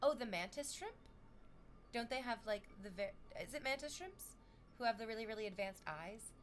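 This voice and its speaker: A fairly high-voiced woman chats loosely on a livestream, dropping swear words into easygoing talk. She reads viewer comments out between her own rambling thoughts, with soft music playing faintly underneath. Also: moderate pace. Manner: swears freely in relaxed chatter. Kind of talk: casual livestream chat.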